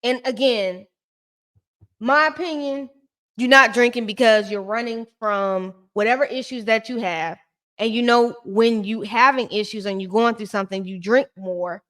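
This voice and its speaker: A woman with a voice pitched a little on the high side talks through a reality show episode in casual recap commentary. Her delivery is sassy and blunt, full of slang and direct asides to the people on screen. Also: moderate pace, fairly bright tone.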